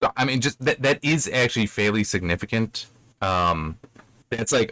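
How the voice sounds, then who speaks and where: A man's voice: lowish voice, animated, normal speed, sharp tone, dry recording. A man hosting a casual book review. He rambles, corrects himself mid-sentence and briefly acts out lines from the story. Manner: rambling, self-correcting, acts out quoted characters. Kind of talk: casual spoken book commentary.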